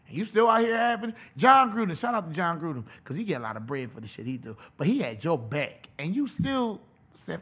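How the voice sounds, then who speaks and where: A man's voice: high voice, very animated, a little fast, fairly bright tone, breathy edge. A man hosting a podcast, delivering a profane, mocking comedic rant. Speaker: podcast host.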